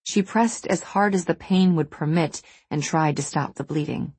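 Low, husky woman narrating a story. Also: normal speed, darkish tone, dry recording. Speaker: audiobook narrator. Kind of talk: scripted narration.

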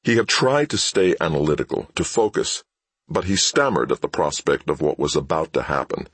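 A man doing scripted dramatic narration of a thriller audiobook in a measured way. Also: a bass voice, expressive, fairly bright tone, slightly rough, dry recording.

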